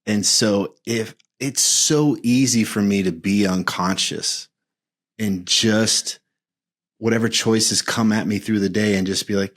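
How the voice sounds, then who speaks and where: Guy in his 50s, lowish voice, thinking out loud on a podcast, earnest and searching. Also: measured pace. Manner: earnest, searching, restarts phrases. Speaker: guest men's coach. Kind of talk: reflective podcast interview.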